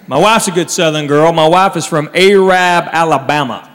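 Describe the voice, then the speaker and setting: A man telling stand-up stories, with wry, drawn-out punchlines. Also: fairly high pitch, long reverb tail. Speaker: stand-up comedian. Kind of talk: stand-up storytelling. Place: comedy stage before a live audience. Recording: noisy live show with crowd laughter. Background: audience laughing.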